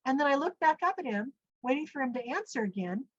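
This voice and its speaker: A woman's voice: fast talker, no room sound. A middle-aged woman, a podcast guest, tells a personal story with animation and acts out what people said. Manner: animated storyteller, acts out quoted speech with big pitch jumps. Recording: dull, dry lo-fi audio.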